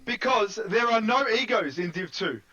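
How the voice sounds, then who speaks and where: A man commentating a sim racing qualifying session live, excitable and jokey, shouting over the big moments. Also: high voice, moderate pace, muffled recording.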